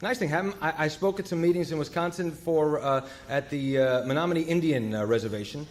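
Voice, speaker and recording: A man with a somewhat high-pitched voice tells a personal story to a recovery meeting. He talks in a halting way, with fillers, restarts and corrections, and he undercuts himself with wry humor. A faint hiss sits under the recording. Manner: wry, self-deprecating humor. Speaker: guest speaker at a recovery meeting.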